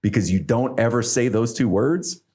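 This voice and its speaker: A man's voice: mid-range voice, normal speed, husky. A young man hosting a podcast in casual banter, telling profane stories and acting out quotes. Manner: animated, profane storytelling with acted-out quotes. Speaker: podcast host.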